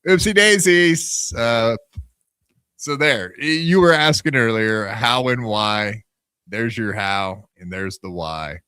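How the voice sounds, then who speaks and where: A male podcaster who tells his side of a story with a sarcastic, couldn't-care-less attitude and a lot of swearing. His voice is bright and forceful, and it sits close and dry on the mic. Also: fairly low pitch, takes it slowly, smooth, dry recording. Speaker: podcast co-host. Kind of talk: casual podcast chat.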